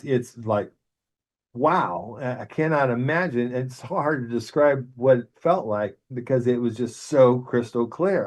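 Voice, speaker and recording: Older man telling his near-death story. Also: mid-range voice. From Arizona. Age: 60s. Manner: earnest, animated when quoting others, halting restarts. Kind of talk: personal storytelling.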